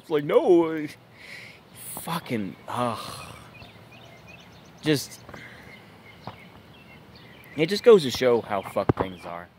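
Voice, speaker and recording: An American political commentator rants on his own channel, sounding exasperated and incredulous and leaning on fillers like "it's just like" and "bruh." His medium-pitched voice is very animated and a little mellow, delivered extremely slowly with frequent pauses. A slight hiss or hum sits under the recording.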